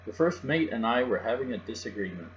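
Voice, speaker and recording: A man reading aloud voices a good-natured male pirate captain with slow, gruff pirate talk. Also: medium pitch, lively intonation, lightly acted. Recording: dull lo-fi with mains hum.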